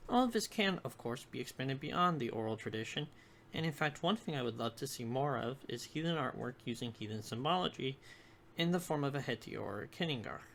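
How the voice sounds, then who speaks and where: A video lecturer giving scripted educational narration, measured and explanatory, spelling out examples one by one. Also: medium pitch, gravelly, fairly bright tone, slight background noise.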